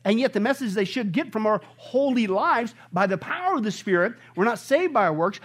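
A male pastor preaching a sermon, animated, swinging between bursts of shouted excitement and hushed asides. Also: very high-pitched, fairly quick, few pauses.

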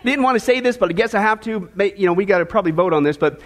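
A man preaching a sermon to his congregation, energetic and folksy, with joking asides and a lot of back-and-forth with the crowd. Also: high-pitched, rapid-fire. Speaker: pastor. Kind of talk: sermon with a joke opener.

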